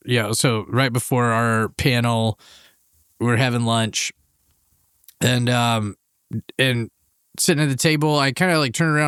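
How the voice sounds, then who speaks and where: Smooth-voiced man telling a rambling story. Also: mid-range voice, no room sound, clean studio sound. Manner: rambling, animated anecdote with many restarts. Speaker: podcast co-host. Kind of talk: casual storytelling among friends.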